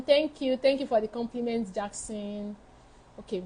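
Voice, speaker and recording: A woman's voice: a little high, moderate pace, mellow, a little hiss or hum, rough recording. A woman giving frank, emphatic advice as a study-abroad counselor in a live session, repeating her key points. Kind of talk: live advice session answering viewer questions.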